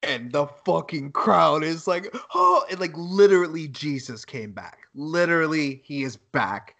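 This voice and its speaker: Animated, swearing male podcast co-host. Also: fairly high pitch, unhurried, gravelly. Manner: animated storytelling, heavy swearing, bursts of laughter. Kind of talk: casual podcast chat.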